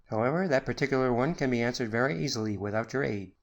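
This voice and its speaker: A man's voice: fast, close to an everyday voice. A man voicing an irascible elderly professor in an audiobook, stiff, cold and suspicious. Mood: stern. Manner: stiff and haughty, rising to high screaming rage. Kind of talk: audiobook character reading.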